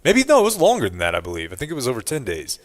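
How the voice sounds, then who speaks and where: A man's voice: mid-range voice, wildly swooping pitch, very fast. A man hosting a radio show, chatting casually and rambling, laughing often and poking fun at himself. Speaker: radio host.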